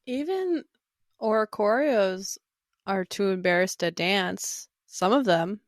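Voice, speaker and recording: A woman co-hosting a podcast, calmly adding short details in casual chat. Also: mid-range voice, slow pace, dry recording, clean studio sound. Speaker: podcast co-host.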